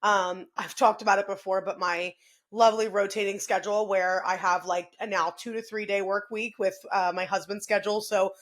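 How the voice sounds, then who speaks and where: A woman's voice: medium pitch, little pitch movement, a little fast, fairly bright tone. A woman in her thirties co-hosting a podcast, chatting in an upbeat way and laughing often. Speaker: podcast co-host. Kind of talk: casual podcast chat.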